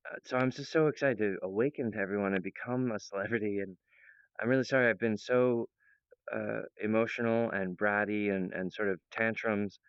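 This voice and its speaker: A man with a fairly low voice talks a little fast in a steady, clean tone, with no echo and the highs cut off. Presenting his own project, he addresses viewers in an earnest, meandering monologue full of fillers and restarts.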